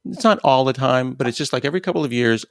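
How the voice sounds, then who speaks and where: A man's voice: mid-range voice, fast talker, no echo, studio quality. A man hosting a podcast, asking candid, personal questions in a casual interview. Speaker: podcast host.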